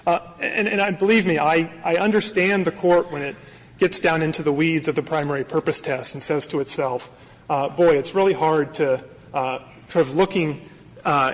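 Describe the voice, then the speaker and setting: A man, a lawyer, arguing a case before a high court in a formal, earnest and emphatic way, pressing his points. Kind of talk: formal courtroom oral argument. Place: large courtroom. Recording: archival courtroom audio with long reverb.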